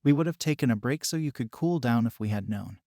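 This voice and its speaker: A man's voice: mid-range voice, animated, fast, a little mellow, no echo, studio quality, natural voice. A man reading as a stiff, proper class president. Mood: earnest. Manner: formal, proper. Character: formal, rule-minded teen boy class president.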